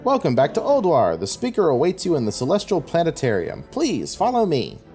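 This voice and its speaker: Guy doing a stiff polite robot caretaker voice, pitched up a bit, faint game music behind. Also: huge pitch swings, brisk, a little mellow. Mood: courteous. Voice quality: stiff, mechanical, courteous.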